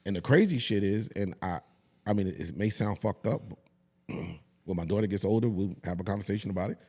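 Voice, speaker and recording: A man around forty, a podcast guest, chatting casually and telling stories in a profane, animated way. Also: fairly low pitch, a little fast.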